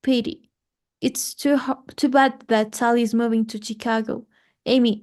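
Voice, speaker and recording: A woman student carefully reads a grammar text aloud, keeping a steady pace with a few small slips. Her voice is a little high and a little slow.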